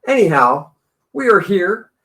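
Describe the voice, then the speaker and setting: A man's voice: high-pitched, sing-song, measured pace, fairly bright tone. A man co-hosting a casual movie review chat, chatty and joking.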